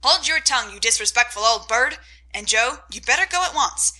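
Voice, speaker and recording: A woman playing a gruff sharp old aunt. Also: fairly high pitch, normal speed, poor audio. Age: older.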